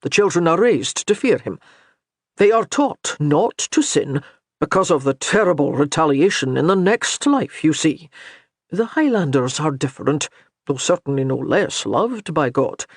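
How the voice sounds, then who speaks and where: A man reading as a kindly old Highland priest who reassures with light humor. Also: big pitch swings, unhurried, no room sound, clean studio sound, heavily acted. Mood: reassuring.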